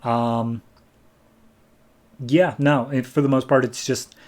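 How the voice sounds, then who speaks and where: A man's voice: mid-range voice, steady tone, takes it slowly, darkish tone. Podcast guy rambling through a comic recap, lots of likes and ums. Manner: rambling, filler-heavy retelling. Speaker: podcast co-host. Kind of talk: casual comic book recap.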